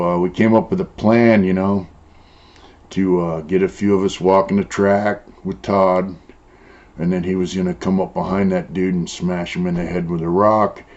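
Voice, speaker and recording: Older man, from San Diego, deep low voice, blunt, profane, rambling with fillers, muffled lo-fi sound. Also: darkish tone. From San Diego, Southern California. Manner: blunt, heavily profane, many "uh" and "you know". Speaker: former prisoner interviewee. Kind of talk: casual storytelling. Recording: dull lo-fi sound.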